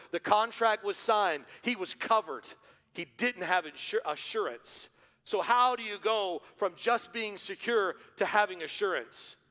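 A man preaching a sermon as pastor in a church, building to forceful repeated refrains. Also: high-pitched. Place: church sanctuary. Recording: hall reverb.

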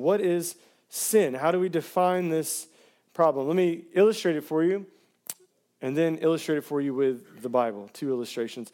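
A man preaching a sermon at a live church service, his voice sitting a little high for a man. He talks with casual fillers and easy laughter, calling on the congregation to answer back. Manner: energetic, calls out to the congregation for responses; laughs between phrases, casual filler words. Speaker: pastor.

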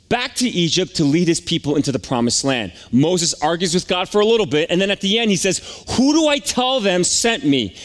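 A man preaching a conversational sermon, emphatic, with frequent rhetorical questions to the congregation. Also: high voice. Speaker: pastor.

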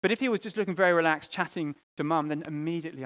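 A man with a slightly high voice preaches a sermon earnestly, pausing, restarting phrases and repeating words. He swings between loud, emphatic appeals and soft, hushed asides.

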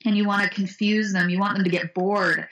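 Answering interview questions, a woman talks animatedly about anti-bullying tools, acting out the voices of kids from her stories. Her mid-range voice moves fairly quickly, and the recording is rough.

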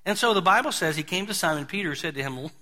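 A man with a high, bright voice gives a sermon. He preaches in a homey, chatty manner and circles back to repeat himself. It sounds like a pastor talking plainly to his congregation. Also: animated, quick pace. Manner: folksy, conversational preaching with lots of repetition.

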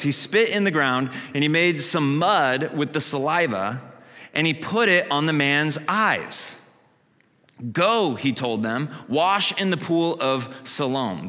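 Man preaching, animated, bright forceful tone, long hall echo. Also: a little high. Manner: animated, acts out the story in character voices. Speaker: pastor. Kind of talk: sermon. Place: church sanctuary.

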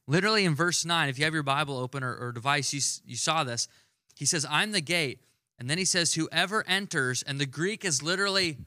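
Pria berkhotbah santai, suara cerah dan kering. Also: male voice, fairly high pitch, animated, bright, forceful tone, dry recording, clean studio sound. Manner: conversational, emphatic preaching with slowed stressed words. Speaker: pastor. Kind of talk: sermon.

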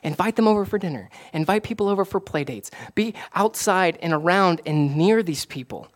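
A man, a pastor, preaching a casual, conversational sermon that rises to excited emphasis. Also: high-pitched, brisk. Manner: animated, rising to excited emphasis.

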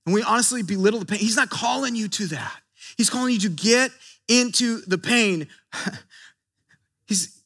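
A pastor preaches an earnest sermon, often repeating words as he builds emphasis. His voice sits high and has a fairly bright tone.

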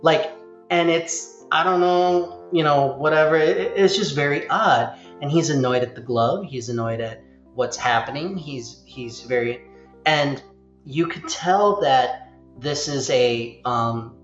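A man with a fairly high voice speaks slowly as he hosts a casual chat, rambling along in an animated way and acting out quotes. The sound is roomy and slightly dull, with faint music behind him.

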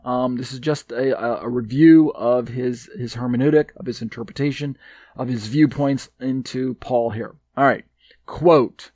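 A man teaches from a Bible commentary in a mid-pitched voice, stopping often on fillers and restarts. He leans hard on the points he cares about. The sound is close and dry, with no room in it. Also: fairly even intonation, moderate pace, darkish tone, no echo. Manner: hesitant, many fillers and restarts; emphatic on key points. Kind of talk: reading and explaining a commentary.

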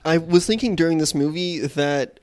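A man's voice: a little high, moderate pace. A man co-hosting a casual film podcast, playful and rambling. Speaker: podcast co-host. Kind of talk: casual chat.

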